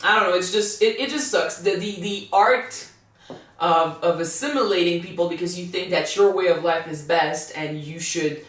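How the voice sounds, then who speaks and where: A man from Canada co-hosting an anime reaction, chatting excitably, swearing freely and rambling with many restarts. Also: high-pitched, moderate pace. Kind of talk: casual chat reacting to an anime. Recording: echoey room, mic far off.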